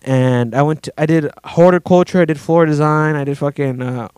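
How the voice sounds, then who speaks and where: Guest storyteller, male, higher register, crisp tone; profane, rambling delivery. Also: moderate pace, a little mellow, no echo. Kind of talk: casual podcast chat.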